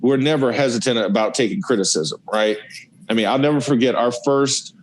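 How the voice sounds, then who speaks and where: A man's voice: mid-range voice, fairly quick, low-quality recording. Playful man retelling football memories. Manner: excited, playful storyteller who acts out scenes. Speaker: guest, former college football lineman. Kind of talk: casual storytelling on a podcast.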